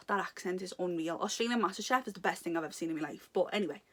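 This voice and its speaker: A young woman with a lowish, slightly bright voice talks fast while unboxing a subscription box for her vlog. She chats casually, giggling and gushing, and wanders off topic.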